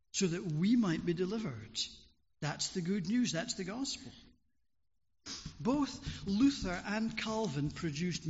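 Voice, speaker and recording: A man preaching a sermon in a church, earnest and pleading, with slow, deliberate phrasing, on a dull recording in an echoing hall. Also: high voice.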